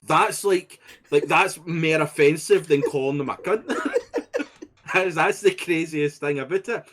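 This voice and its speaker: A man's voice: a little high, expressive, measured pace, fairly bright tone. A Scottish man co-hosting a podcast, chatting casually, swearing freely and restarting his sentences as he laughs along. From Scotland. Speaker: podcast co-host. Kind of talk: casual chat.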